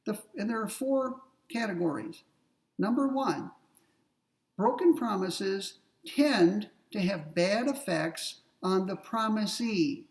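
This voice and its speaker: A man's voice: sits high, lively intonation, takes it slowly, recorded from a distance, rough recording. A man giving a recorded philosophy lecture, explaining points methodically, repeating key ideas and asking rhetorical questions.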